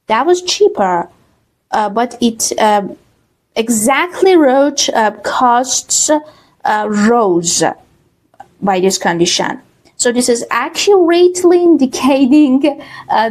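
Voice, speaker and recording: A woman English teacher with a Persian accent, explaining exam reading answers slowly, with many fillers and a checking "okay?". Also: on the high side, expressive, darkish tone. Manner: slow, many fillers, repeats words with "okay?". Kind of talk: online exam-prep lesson.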